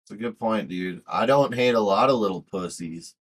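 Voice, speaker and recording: A man's voice: lowish voice, normal speed, husky. A man co-hosting a podcast in a mumbly, laid-back way. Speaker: podcast co-host. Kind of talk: casual chat.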